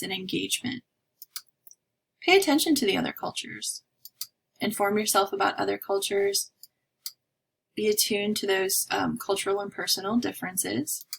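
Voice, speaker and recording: A woman's voice: mid-range voice, moderate pace, creaky, husky, poor audio. A woman instructor from North America giving a recorded lecture in a chatty, discursive way with many fillers. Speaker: college instructor.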